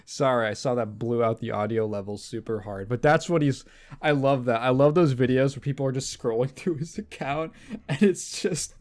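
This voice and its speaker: A man's voice: medium pitch, normal speed, a little mellow. A young man hosting a podcast, telling rambling stories in casual chat, laughing often and mimicking people. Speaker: podcast host.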